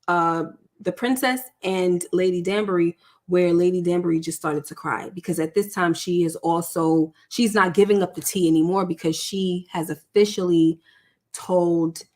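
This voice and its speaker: A woman's voice: on the low side, fairly even intonation, moderate pace, darkish tone. Chatty woman recapping a TV show. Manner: chatty, filler-heavy, asks for agreement. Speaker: vlogger.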